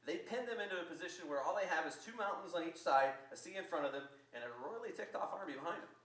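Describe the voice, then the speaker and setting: A man preaching a sermon as pastor, telling the story in a lively way and acting out the quotes. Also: fairly high pitch, quick pace. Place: church. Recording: echoey church from far off.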